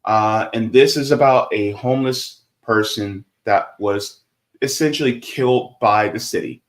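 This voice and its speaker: A man hosting a casual livestream, reading viewer comments aloud and chatting, growing loud and animated when heated. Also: on the low side, measured pace. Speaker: livestream host.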